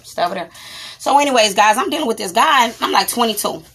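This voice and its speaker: A woman's voice: fairly high pitch, animated, quick pace, fairly bright tone, a little hiss or hum. A woman vlogger telling a personal story in a candid, rambling, profane way, breaking off now and then to scold her child. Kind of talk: casual storytime monologue.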